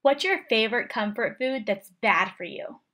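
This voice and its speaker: A woman reading out tag questions in a plain, quick way. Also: fairly high pitch, animated, bright, forceful tone. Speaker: question reader.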